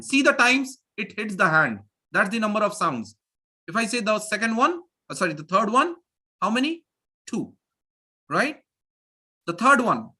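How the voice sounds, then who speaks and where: A man teaching pronunciation in a live online class, energetic and repeating phrases as he drills his students. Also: high-pitched, moderate pace, husky. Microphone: video call.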